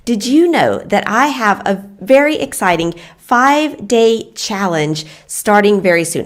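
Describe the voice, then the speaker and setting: A woman business English coach opening her online lesson with a friendly, energetic intro. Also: mid-range voice.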